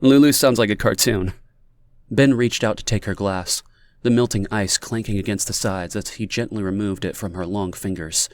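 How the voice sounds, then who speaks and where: A man reading fiction aloud as an audiobook narrator in a measured, even manner. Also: on the low side, no room sound. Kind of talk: scripted narration.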